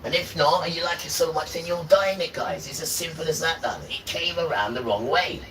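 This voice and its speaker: A man's voice: fairly quick, a little hiss or hum, rough recording. Fiery preaching man with a lilt. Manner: emphatic, repetitive, swings between loud outbursts and low mutters. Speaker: livestream host. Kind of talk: impassioned spiritual monologue.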